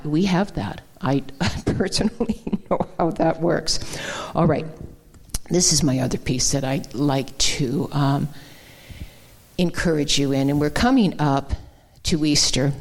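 Folksy woman giving a sermon. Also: deep voice. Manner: conversational, folksy, with many fillers and restarts. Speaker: guest speaker. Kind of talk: informal sermon.

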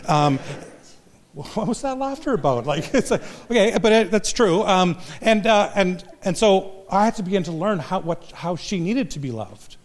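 A man's voice: sits high, animated, unhurried. An older man, a pastor and marriage counselor, giving a humorous, self-deprecating talk to a live audience. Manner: self-deprecating, joking storyteller.

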